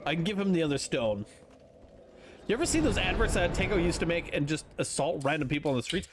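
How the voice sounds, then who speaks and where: A man's voice: a little high, very animated, quick pace, background noise. Chatty, swearing gaming streamer man. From North America. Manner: chatty, swears, thinks aloud. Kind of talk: casual gameplay commentary.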